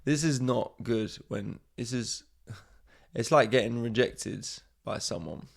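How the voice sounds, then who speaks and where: A man's voice: medium pitch, measured pace, gravelly. A man, a comedian and podcast host, rambling sarcastically through a comic monologue, often trailing off.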